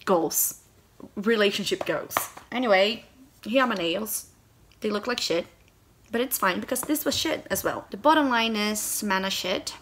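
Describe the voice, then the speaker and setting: A woman's voice: mid-range voice, moderate pace, fairly bright tone. Sarcastic, sweary woman vlogger ranting. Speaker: book vlogger. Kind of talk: angry book review rant.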